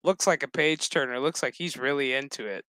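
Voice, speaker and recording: A man's voice: mid-range voice, brisk, a bit bright, smooth, dry recording. A man streaming a casual reaction review of a show to his chat, retelling scenes in a sassy, profane, exaggerated way. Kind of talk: casual crude reaction commentary.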